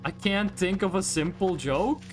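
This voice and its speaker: Soft background music accompanies this Norwegian streamer, a native speaker whose mid-range voice moves a little slowly. They banter with viewers during gameplay in a chatty, jokey way, breaking into loud reactions and laughter.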